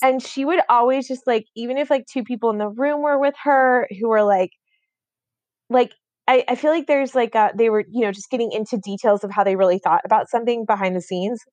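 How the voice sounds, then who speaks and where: A woman's voice: a little high, a little fast, a little mellow, no echo. A woman in her thirties co-hosting a podcast, rambling in a casual chat with many fillers and restarts. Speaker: podcast co-host.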